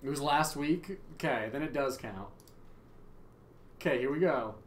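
A young man livestreaming a game, chatting casually with viewers, loud and joking with free swearing. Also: mid-range voice, lively intonation, measured pace, a little hiss or hum. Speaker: livestream gamer. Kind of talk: casual stream chat. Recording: echoey room, faint ambience.

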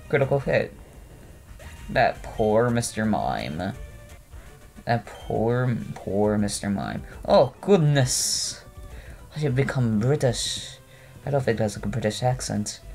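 A man's voice: fairly low pitch, darkish tone. A man giving casual commentary over a video game, rambling and poking fun at himself, with lots of "uh" and "like". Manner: rambling, self-mocking, full of fillers. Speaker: let's play host. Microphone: no webcam, voice recorded over gameplay.

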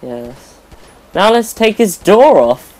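A man's voice: high-pitched, big pitch swings, slow pace, darkish tone. A young man giving rambling, self-correcting let's play commentary over his gameplay as a gaming YouTuber.

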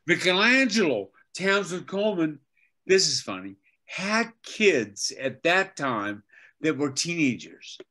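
An older man, a veteran voice actor and teacher, telling animated anecdotes as an interview guest. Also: on the high side, slow. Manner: animated anecdotes, acts out quotes. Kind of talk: casual interview storytelling.

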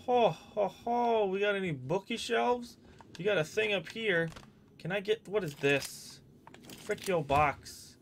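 A man streaming a horror game, jumpy and excitable, swearing and shouting at the game. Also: high-pitched, measured pace, slight background noise. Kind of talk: gameplay commentary.

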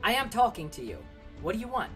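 A young woman streaming a game live, animated and laughing as she banters with her chat and an AI companion. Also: on the high side, fast, faint music behind.

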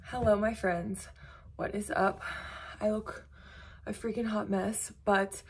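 An American woman vlogs from home, talking casually to her phone camera in a bubbly, gushing manner. Her voice is mid-range and husky, with a flat delivery and a slow pace.

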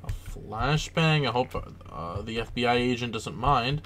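A man hosting a let's play, giving casual gameplay commentary and breaking into excitable, swearing, panicked outbursts. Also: medium pitch, measured pace, a little hiss or hum.

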